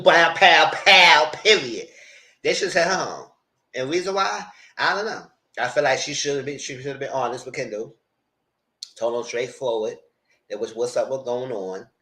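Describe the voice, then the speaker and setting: A man hosting a live discussion of a reality show, dramatic and sassy, swinging into high exclamations. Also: fairly bright tone, echoey room. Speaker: host.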